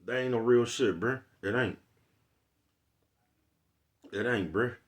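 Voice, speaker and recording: A vlogger with an African American Vernacular English accent delivers a loose, slangy, preachy street monologue to his viewers. His voice sits at a medium pitch and moves slowly.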